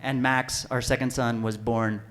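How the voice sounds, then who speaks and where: A man telling a personal story live on stage at a story slam, animated and self-deprecating, now and then bursting into panicked yelps. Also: medium pitch, a little slow, slight background noise. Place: stage at an arts center.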